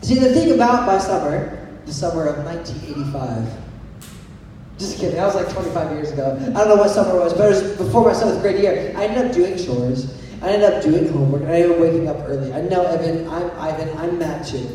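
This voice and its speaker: A young man leads a youth sermon, playful and full of jokes, regularly asking his audience to raise their hands. His voice sits fairly high with a mellow tone. He is recorded from a distance in a large hall with a long, echoing reverb and faint background noise. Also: fairly quick. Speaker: youth pastor. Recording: echoey hall recorded from far off.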